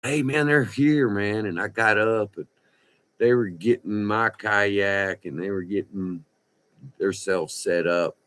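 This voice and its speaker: A man, telling a rambling, profane story in a folksy, animated way. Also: lowish voice, slow. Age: 60s. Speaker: vlogger. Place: indoors by a window.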